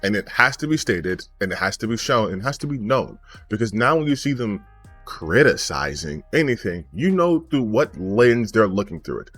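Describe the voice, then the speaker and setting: A man's voice: fairly low pitch, big pitch swings, normal speed, fairly bright tone, faint music behind. A man giving a heated, profane commentary rant, angry and sarcastic. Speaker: gaming commentary YouTuber.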